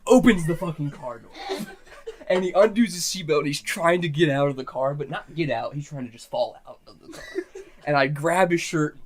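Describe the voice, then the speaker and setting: A man's voice: on the high side, normal speed. A young man hosting a casual podcast, telling a story with lots of laughter and acted-out quotes. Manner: animated, acts out quotes, laughs often. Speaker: podcast host.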